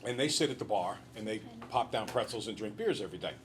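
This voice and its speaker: A male teacher lecturing a class in an animated, joking storyteller way. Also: fairly low pitch, fast talker, slight background noise.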